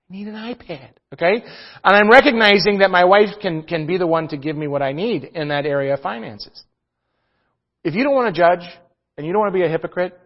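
A man delivers a lively sermon, his voice swinging up high for emphasis and dropping low for quiet points. He keeps checking in with his listeners. The recording sounds muffled and lo-fi. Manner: animated preaching, frequent "okay?" asides. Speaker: pastor.

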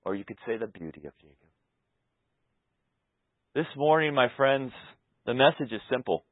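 A pastor preaching a sermon, moving between loud, passionate peaks and soft, intimate stretches. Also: male voice, mid-range voice, animated, moderate pace, no room sound. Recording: tinny phone-like sound.

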